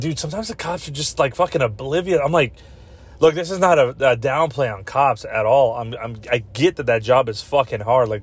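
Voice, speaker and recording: A young man hosts a podcast, ranting in a loose, rambling way. He swears constantly and gets animated as he talks. His voice sits at an ordinary middle pitch. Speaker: podcast host. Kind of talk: casual podcast rant.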